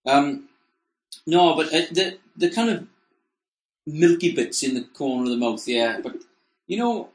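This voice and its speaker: A man's voice: a little high, animated. A man chatting casually on a comedy podcast, rambling and correcting himself as he goes. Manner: rambling, halting, self-correcting. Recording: roomy echo.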